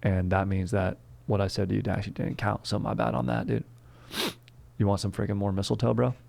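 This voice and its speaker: A man's voice: lowish voice, flat delivery, a little fast, gravelly, darkish tone. A young man hosting a comedy history show, rambling in a slangy, profane way and calling everyone dude and bro. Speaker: comedy history podcast host.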